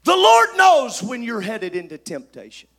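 A man preaches with an unusually high voice carrying a gravelly edge. He is emphatic, swinging from shouted lines to quiet asides. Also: wildly swooping pitch, moderate pace. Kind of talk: sermon.

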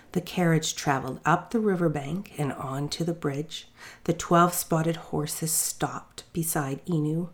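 Woman, storyteller, fairy-tale narration, very low voice, measured and expressive reading.

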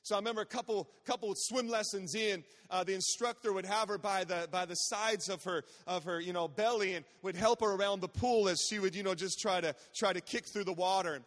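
A high-voiced man in his forties who preaches as a guest pastor, telling family stories in a chatty, joking way. He keeps tossing call-outs to the crowd, and his voice carries a long reverb through a large church sanctuary. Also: brisk, few pauses, fairly bright tone. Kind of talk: sermon storytelling.

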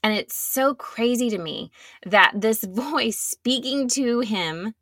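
A woman giving a reflective, earnest sermon, sometimes dropping to a soft near-whisper. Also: on the high side, lively intonation, slow, no room sound, clean studio sound. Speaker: speaker giving a devotional talk.

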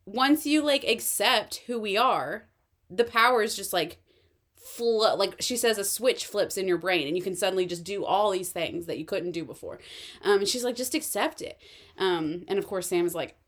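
A woman co-hosting a casual podcast chat, retelling a TV episode with lively acted-out quotes and frequent laughter. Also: mid-range voice, moderate pace. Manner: animated storytelling, acting out quoted lines, laughs often. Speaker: podcast co-host.

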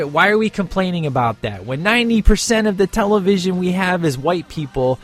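A man from the United States hosting a podcast, reviewing a TV show in a casual, emphatic way that turns into an animated rant. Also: a little high. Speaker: podcast host.

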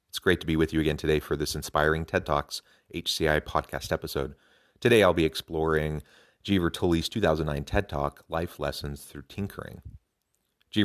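A man hosting a podcast, talking earnestly and enthusiastically about a talk, with some fillers and restarts. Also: a bass voice. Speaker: podcast host. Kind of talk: podcast commentary.

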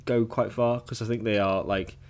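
A man co-hosting a casual snooker chat, jokey and quick to banter. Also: lowish voice, steady tone. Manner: jokey, banter-heavy, swears. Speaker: podcast co-host.

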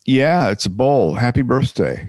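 A man co-hosting a podcast in casual chat, rambling with halting restarts. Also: medium pitch, big pitch swings, darkish tone, no room sound. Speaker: podcast co-host.

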